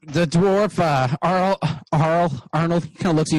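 A man narrating as game master of a tabletop game, halting and slow between restarts. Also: a little high, a little mellow, dry recording, low-quality recording. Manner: halting, with many fillers and restarts.

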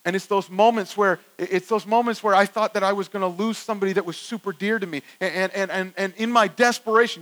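Brief: emphatic male pastor mid-sermon, bright high tone, stammers and repeats words as he builds intensity. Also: brisk, poor audio. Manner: animated, emphatic, swings from loud to hushed.

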